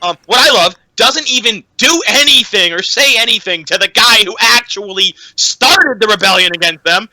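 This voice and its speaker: A young man co-hosting a podcast, ranting casually about a film with an animated, profane delivery and lots of "um"s. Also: high-pitched, moderate pace, hardly any pauses, no echo, low-quality recording. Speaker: podcast co-host. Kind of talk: casual chat, film rant.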